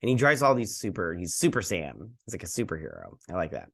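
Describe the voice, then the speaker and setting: Male reviewer with a somewhat low voice, loose and rambling, filler-heavy delivery. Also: wildly swooping pitch, fast, vocal fry, husky. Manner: rambling retelling with many fillers. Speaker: host. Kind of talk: casual video review.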